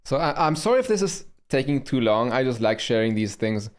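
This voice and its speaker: A man with a German accent talking casually on a stream about his own video, pausing and restarting often. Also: medium pitch, very animated. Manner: halting, with frequent pauses and restarts.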